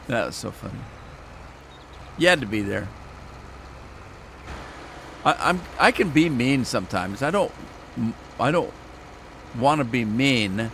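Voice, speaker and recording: A man's voice: fairly high pitch, expressive, measured pace, long pauses, a bit bright, a little hiss or hum. A man streaming a farming game, chatting casually and telling rambling stories with chuckles. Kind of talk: casual gameplay commentary.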